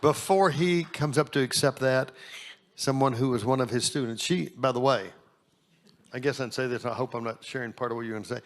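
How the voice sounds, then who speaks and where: A man's voice: medium pitch, fairly quick. A man introducing award recipients at a ceremony, informal, with rambling asides.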